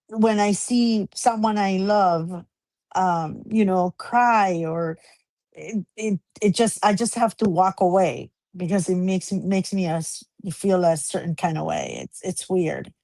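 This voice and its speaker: A woman co-hosting a podcast, speaking in a reflective, gentle way in a casual chat. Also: mid-range voice, no room sound. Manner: slow, reflective, laughs easily. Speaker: podcast co-host.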